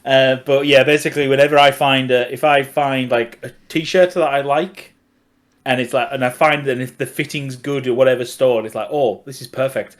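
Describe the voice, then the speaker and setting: A man's voice: mid-range voice, fairly even intonation, normal speed. A middle-aged man, co-hosting a casual podcast chat and laughing often between phrases. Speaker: podcast co-host.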